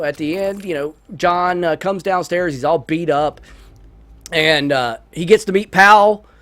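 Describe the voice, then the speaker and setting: Lively high-voiced man rambling casually. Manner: rambling, chatty retelling with many restarts. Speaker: let's-play host. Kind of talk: casual movie review while gaming.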